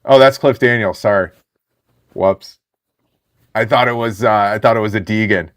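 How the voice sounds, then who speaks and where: A man in his thirties hosting a live card break stream, chatting excitedly with viewers in the chat. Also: on the low side, normal speed.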